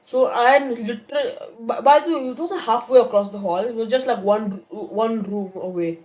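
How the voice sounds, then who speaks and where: A woman's voice: a little high, moderate pace, darkish tone. A woman telling a story-time tale in a casual, rambling way, with many fillers and restarts.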